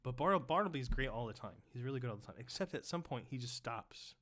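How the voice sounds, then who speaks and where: A man's voice: mid-range voice, lively intonation, quick pace, a bit bright. A man as a professor reading a text aloud on a live stream, breaking into loose, chatty explanations with the odd whispered aside.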